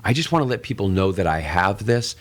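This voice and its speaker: A man's voice: on the low side, very animated, fairly quick. A middle-aged man co-hosting a casual tech podcast, rambling as he explains with acted-out sales examples. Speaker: tech show co-host.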